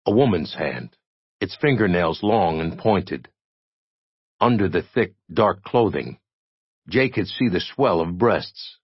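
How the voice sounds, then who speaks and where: A man reading a story aloud in a steady, expressive narration. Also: low voice, slow, slightly rough, no room sound, dull audio. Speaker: audiobook narrator. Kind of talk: scripted narration.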